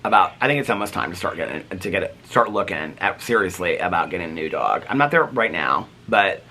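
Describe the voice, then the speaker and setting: A middle-aged man vlogging at home in casual chat, excitable and chatty, breaking off now and then to talk about animals in the yard. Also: low-pitched, fairly quick, slight background noise.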